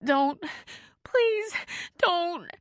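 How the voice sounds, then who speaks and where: A woman voicing a terrified young woman who sobs and pleads in a high, broken voice. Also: sing-song, extremely slow, dry recording, clean studio sound, exaggerated voice. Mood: pleading, sobbing. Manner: high sobbing pleas.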